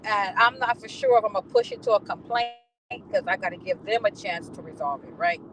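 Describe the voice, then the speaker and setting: A woman venting in a casual, profane, animated monologue while riding home. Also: mid-range voice, fairly quick, rough recording. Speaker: vlogger. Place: in a car on the ride home.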